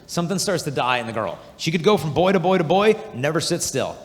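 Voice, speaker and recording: A man giving an energetic youth conference talk, telling animated stories and acting out the voices of people he describes. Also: a little high, fast. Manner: animated storytelling, acts out quoted voices. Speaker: conference speaker. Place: large hall. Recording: long hall reverb.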